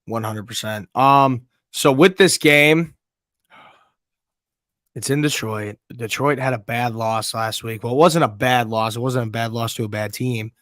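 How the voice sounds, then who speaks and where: Brief: hoarse male podcast co-host, loud and jokey, dry close recording. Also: mid-range voice, unhurried, no echo. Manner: loud, joking, swears freely. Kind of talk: casual sports chat.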